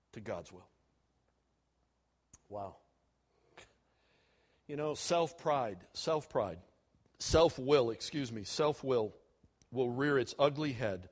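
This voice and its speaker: A man preaching a sermon to students, animated, moving between loud and soft and chuckling at his own jokes. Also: on the high side.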